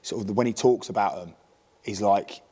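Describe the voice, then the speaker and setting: A former footballer with a fairly low voice, chatting loosely on a podcast. He laughs easily and thinks aloud, dropping "innit" and "like" along the way. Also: normal speed, dark tone, slightly rough. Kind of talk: casual football chat.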